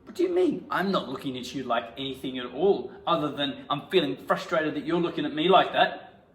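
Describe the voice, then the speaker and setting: A man teaching an acting lesson, jumping into loud, indignant improvised scenes. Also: fairly high pitch, brisk, slight background noise. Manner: bursts into loud indignant outbursts during scenes. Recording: echoey room.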